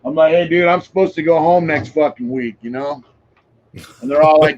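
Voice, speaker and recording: A man's voice: a little high, moderate pace, a little mellow, lo-fi sound. A man around sixty, a podcast guest, tells long casual stories in a frank, rambling way with plenty of filler phrases and the odd curse. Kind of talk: casual conversational storytelling.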